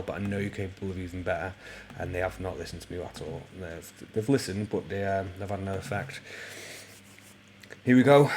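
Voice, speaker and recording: Low-voiced gaming YouTuber. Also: male voice, a little hiss or hum. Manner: rambling, full of ums, bursts into excited play-by-play. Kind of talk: casual let's-play commentary.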